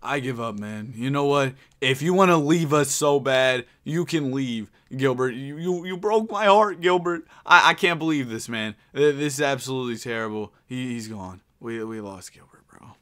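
A man commentating on a video game with a bright, forceful voice. He talks excitably, stammers over his words, and swings from low grumbling to loud, yelled outbursts. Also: normal speed, hardly any pauses. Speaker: gaming YouTuber.

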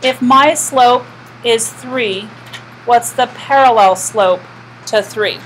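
Woman teacher, classroom lecture, slightly high voice, quizzes the class and answers herself. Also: slow pace, slight background noise, low-quality recording. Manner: asks the class questions and answers them herself. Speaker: math teacher.

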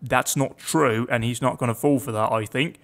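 A man's voice: mid-range voice, steady tone, normal speed, a bit bright. A young man giving casual, chatty commentary on a game, reading its text aloud with wry asides. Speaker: let's play gamer.

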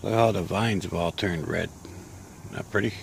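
A man talking casually outdoors in a vlog, sounding sick and short of breath, slow and rambling with pauses. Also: low voice, gravelly, a little hiss or hum. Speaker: vlogger. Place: outdoors in a garden grove.

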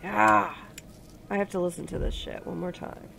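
A sick woman playing a horror game, talking to herself and swearing and yelling at the game. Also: lowish voice, very animated, normal speed, gravelly, background noise. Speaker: let's play gamer.

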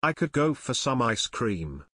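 A jokey, easygoing teenage boy with a love of food, as a male narrator puts him on. His voice bounces with lively pitch, and the sound is dry. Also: a little slow, husky, no echo, heavily acted. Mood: joking. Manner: joking and easygoing.

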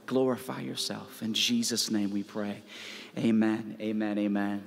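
A man's voice: on the low side, level tone, a little slow, vocal fry, long reverb tail, a little hiss or hum. A man leading worship in a church, praying fervently and calling out to the congregation. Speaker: worship leader. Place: church sanctuary. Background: loud worship music.

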